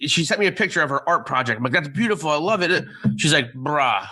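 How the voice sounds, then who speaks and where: Male co-host, bright sharp voice, lively pitch, chatty with laughs. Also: fast talker, husky. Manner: chatty, laughs through anecdotes. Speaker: podcast co-host. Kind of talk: casual podcast chat.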